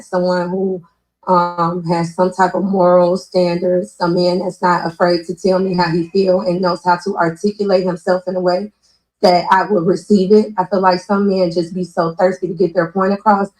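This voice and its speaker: A woman talking in casual chat, thoughtful and hesitant, with frequent pauses and fillers. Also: on the low side, poor audio.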